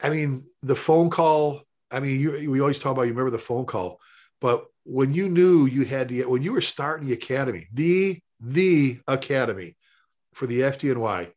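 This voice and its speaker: A middle-aged man, a firefighter and paramedic, telling rambling, animated stories in casual conversation. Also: mid-range voice, normal speed. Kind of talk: conversational storytelling.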